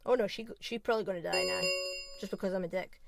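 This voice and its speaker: A woman's voice: lowish voice, quick pace, creaky. A young woman streamer who reads game text aloud in a let's play, breaking off often for chatty, self-deprecating asides.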